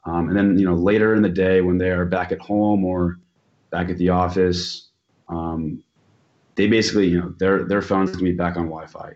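Deep, flat-toned man explaining tech. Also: moderate pace, muffled recording. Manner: explanatory, frequent "um" and "you know". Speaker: expert guest. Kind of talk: technical explanation.

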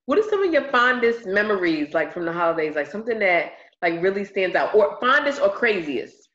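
A chatty woman hosts a relaxed podcast, teasing her co-hosts and winding through long stories. Her voice sits at a middle pitch. The recording is a bit dull and lo-fi. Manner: chatty, teasing, drawn-out storytelling. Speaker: podcast host. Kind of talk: casual podcast chat. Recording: slightly dull lo-fi sound.

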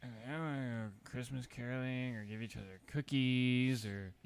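A man's voice: medium pitch, steady tone, measured pace, clear, resonant tone. A man in casual podcast chat, teasing his co-host with wry, profane jokes.

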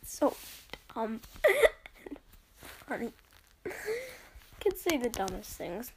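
A woman's voice: fairly high pitch, huge pitch swings, takes it slowly, gravelly, slight background noise. A young woman hosting a casual solo podcast, reading out listener reviews in a rambling, giggly way with plenty of ums. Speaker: podcast host.

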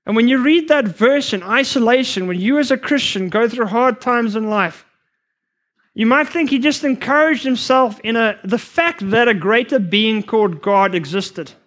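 A man preaching a sermon to future missionaries, earnest and emphatic, sometimes rushing his words. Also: extremely high pitch, a bit bright. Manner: earnest, emphatic, rushes at times.

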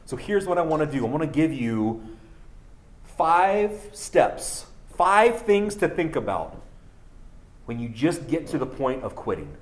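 A man's voice: fairly high pitch, big pitch swings, measured pace. A man preaching a sermon, earnest and building to emphatic peaks, with a cough. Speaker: pastor.

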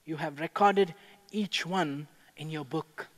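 A man preaching a sermon as a pastor, with a measured delivery that builds to impassioned proclamation. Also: fairly high pitch, fairly bright tone. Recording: echoey hall with long reverb.

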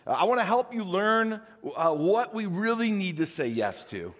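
An older man preaching a sermon as a pastor, talking conversationally with animated rhetorical questions. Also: high-pitched, moderate pace, big-room sound.

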